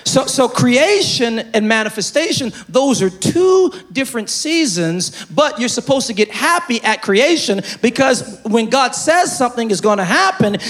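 A man preaching a sermon to a congregation, swinging between loud shouted lines and quiet asides, and repeating phrases for emphasis. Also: extremely high pitch, slight background noise. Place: church service before a congregation.

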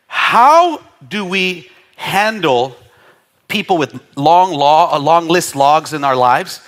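A male pastor preaching a sermon, animated and often laughing as he acts out congregants' voices. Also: a little high, slow.

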